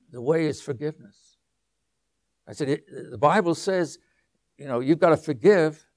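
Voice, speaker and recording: An older man preaching a sermon, telling a story with asides and restarts, sometimes dropping to a soft low voice. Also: dry recording. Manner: anecdotal, with asides and restarts, drops to a soft low voice on quiet lines.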